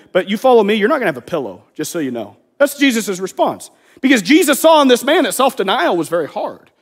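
A man preaching a sermon in a conversational way, acting out the voices of people he quotes. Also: very high-pitched. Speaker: pastor.

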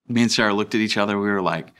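A man's voice: on the low side, racing, fairly bright tone, smooth. A young adult man, a pastor, giving a conversational sermon with fillers and restarts.

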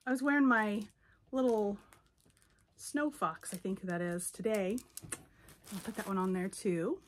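A woman's voice: medium pitch, a little slow, a little hiss or hum. A woman vlogger chatting casually through a box opening, gushing and sentimental. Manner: gushing, sentimental, easily moved. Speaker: doll collector vlogger.

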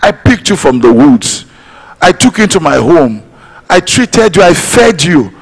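A man voicing a kind old woman who cries out in raised, pleading tones, with a husky voice. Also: a little high, sing-song, a little slow, long reverb tail, pitched above the performer's own voice, heavily acted. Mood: betrayed. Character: kind old woman, admiring then betrayed.

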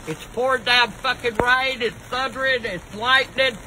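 A woman's voice: high-pitched, moderate pace, hardly any pauses, noisy background. An older woman, ranting in a foul-mouthed, cranky way through mock news and weather reports outdoors on a balcony. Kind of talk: profane comic rant to camera.

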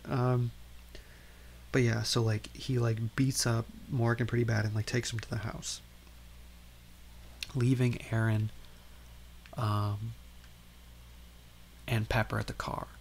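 A man's voice: fairly low pitch, flat delivery, unhurried, gravelly, pauses often, darkish tone, a little hiss or hum. A man hosting a film show, rambling through a casual movie recap full of "like" and "um". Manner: rambling, lots of "like" and "um". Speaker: film podcast host.

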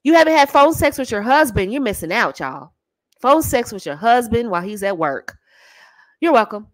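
An American woman talks frankly and playfully as a dating coach, her pitch bouncing all over the place. She sits a little above the usual register, and the sound is close and dry. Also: normal speed, dry recording. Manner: animated, teasing, breaks into soft sultry demo voices and laughs. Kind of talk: casual advice talk to camera.

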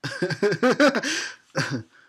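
A man's voice: high voice, very animated, extremely slow, a bit bright, husky. A man giving a tipsy, sarcastic commentary on a horror film, laughing and swearing as he goes. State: tipsy from drinking.

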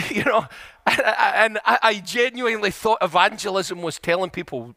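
In a church, a middle-aged male preacher delivers an earnest, story-driven sermon, building to emphatic points he drives home through repetition. His voice is high for a man, bright and forceful, expressive at a moderate pace. The sound is close and dry, with little room echo.

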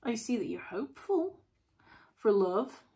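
A woman's voice: fairly high pitch, very animated, unhurried, mellow. A woman chatting through a casual tarot reading, asking lots of rhetorical questions. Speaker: tarot reader.

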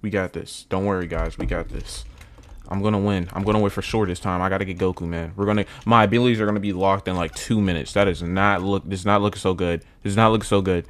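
A young man commenting casually on a video game at home, muttering low, then yelling when excited, repeating himself with lots of bro and man. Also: quick pace. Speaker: gaming YouTuber. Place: at home indoors.

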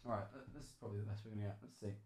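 A young man streaming live, reacting to clips with excited chatter, loud exclamations and frequent swearing. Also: fairly low pitch, racing, very noisy.

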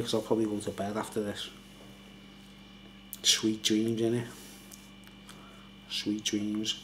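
Late at night at home, an older man who's a little tipsy reviews a beer, rambling, chatting, and laughing often. His voice is medium-pitched, with slight background noise.

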